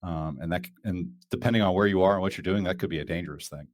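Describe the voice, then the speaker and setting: A man's voice: sits low, very fast, dry recording, studio quality. A man hosting a casual podcast chat, talking loosely with lots of fillers and restarts. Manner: rambling, many fillers and restarts. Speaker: podcast host.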